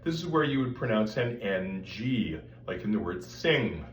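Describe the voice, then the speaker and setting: A man's voice: lowish voice, sing-song, a little slow, reverberant, far from the mic, a little hiss or hum. A man giving a casual voice lesson, explaining breath and throat with sung vowel demonstrations. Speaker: voice teacher. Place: room with music stands and metal ductwork.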